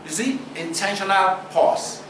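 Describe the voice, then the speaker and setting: A man preaching a sermon, asking his listeners rhetorical questions and using deliberate pauses for effect. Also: high voice, a bit bright, a little hiss or hum. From Nigeria. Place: church hall. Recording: roomy hall recording, distant mic.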